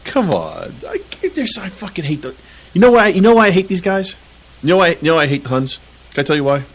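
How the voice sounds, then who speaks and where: A man's voice: high-pitched, sing-song, fast talker, slightly rough, rough recording. A man co-hosting a casual soccer podcast, ranting with lots of swearing and frequent laughter. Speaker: podcast co-host.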